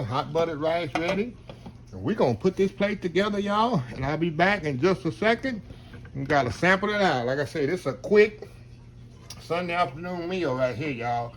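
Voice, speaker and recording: A man hosts a home cooking vlog, chatting with his viewers and calling them "y'all." His voice sits a little high and rings bright and forceful. He speaks to a camera on a tripod in his kitchen, with a faint hum of room noise behind him. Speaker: cooking channel host.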